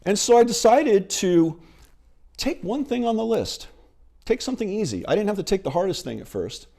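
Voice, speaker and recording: A middle-aged male minister giving a sermon, retelling a film scene in an animated storytelling manner. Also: high voice, normal speed, vocal fry.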